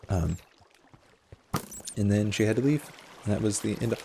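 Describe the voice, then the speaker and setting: Deep gravelly man, rambling gamer chat. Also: a little fast, pauses often, noisy background. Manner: rambling, filler-heavy, self-deprecating. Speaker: Minecraft video host. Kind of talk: casual storytelling while playing a game.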